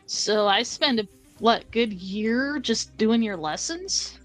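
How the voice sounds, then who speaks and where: A woman's voice: on the high side, lively intonation, slow, faint music behind, poor audio. A woman author chatting casually about her book, rambling and self-deprecating. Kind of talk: casual chat.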